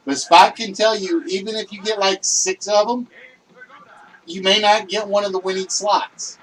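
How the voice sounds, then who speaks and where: A man hosting a livestreamed list game show, talking loudly and excitably and chatting with his viewers. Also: sits high, moderate pace, far from the mic, a little hiss or hum, rough recording.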